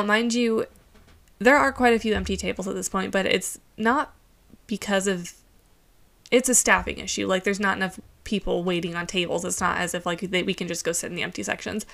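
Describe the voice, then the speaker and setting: A young woman co-hosting a podcast, chatting casually and spinning stories with sarcasm and plenty of swearing. Her voice is mid-pitched with a gravelly, creaky edge. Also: fairly bright tone. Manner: profane, sarcastic storytelling. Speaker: podcast co-host.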